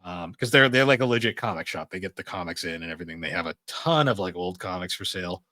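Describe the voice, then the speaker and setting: A man's voice: low voice, lively intonation, fast talker, sharp tone, no room sound. A young adult man co-hosting a podcast in casual chat, rambling and swearing freely. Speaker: podcast co-host.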